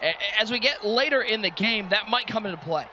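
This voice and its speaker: High-voiced male play-by-play caller. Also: lively intonation, fairly quick, lo-fi sound, slight background noise. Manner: calls plays, rising to shouts on big moments. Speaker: play-by-play commentator. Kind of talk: play-by-play sports commentary.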